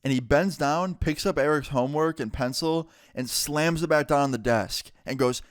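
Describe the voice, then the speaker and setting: Male vlogger, casual story-time narrator, smooth clear voice, dry close mic. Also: medium pitch, dry recording. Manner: chatty, quick to act out people he quotes, lots of "like".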